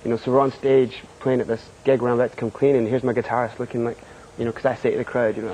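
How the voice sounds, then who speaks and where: Scottish man, halting TV interview guest. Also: medium pitch, little pitch movement, dark tone, slight background noise, rough recording. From Scotland. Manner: hesitant, many fillers and quick laughs. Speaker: guest author. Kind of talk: studio TV interview. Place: TV studio.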